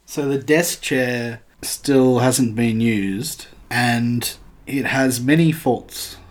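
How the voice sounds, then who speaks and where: A woman's voice: a bass voice, very slow. A woman playing a tabletop game, thinking aloud with hesitant fillers. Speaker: player. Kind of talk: casual game chat.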